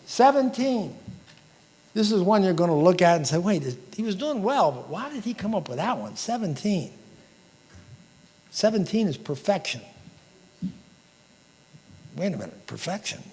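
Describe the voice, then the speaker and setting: A man's voice: high-pitched, sing-song, moderate pace, pauses often, darkish tone. A man giving an emotional, inspirational banquet keynote speech, quoting famous sayings. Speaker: keynote speaker. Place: large banquet hall. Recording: reverberant hall.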